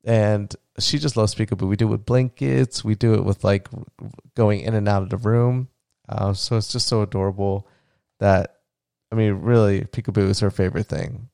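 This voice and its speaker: A man talks through his day on a casual solo podcast, with fillers and restarts and a lot of tenderness. His voice is low-pitched and gravelly yet smooth and resonant. The recording is dry and close, with no room sound. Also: fairly even intonation, normal speed, darkish tone, no echo. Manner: rambling, heartfelt, gets emotional; many fillers and restarts, tender when talking about his child. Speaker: podcast host.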